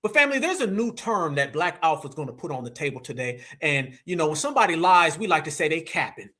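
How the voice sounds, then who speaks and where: Animated, husky-voiced male streamer. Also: fairly high pitch, fast. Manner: animated, slangy, mocking. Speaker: livestream host. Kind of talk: casual livestream commentary.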